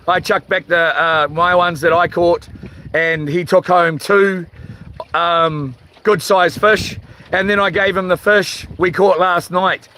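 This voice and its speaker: Kiwi guy live streaming off a rock fishing, slow and rambly, kinda bright high voice, bit tired and rough. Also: fairly even intonation, a little hiss or hum. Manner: rambling, halting, reads chat comments aloud. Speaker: livestream host. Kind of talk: casual livestream chat. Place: outdoors on a rock by the water at night. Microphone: phone.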